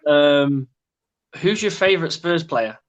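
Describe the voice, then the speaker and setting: A man's voice: fairly high pitch, lively intonation, a little slow, muffled recording. An English man telling stories as a guest in a casual sports chat, swearing and mimicking others. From England.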